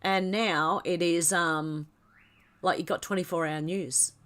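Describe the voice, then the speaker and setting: A rambling, chatty Australian woman talks her viewers through their comments on a livestream. Her voice sits fairly low and sounds a little congested because she has a cold. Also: fairly even intonation, takes it slowly, fairly bright tone. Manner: chatty, rambling, laughs often. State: stuffed-up nose from a cold. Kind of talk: casual livestream chat.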